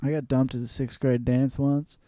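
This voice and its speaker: A man's voice: mid-range voice, level tone, normal speed, dark tone, no room sound. A young man hosting a show, telling a rambling, profane story in a casual comedic monologue. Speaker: host.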